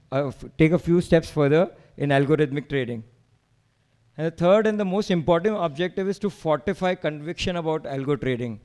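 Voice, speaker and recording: A man's voice: on the high side, darkish tone, clean tone. A man with an Indian accent giving an emphatic slide presentation to a meetup, rallying the audience with rhetorical questions.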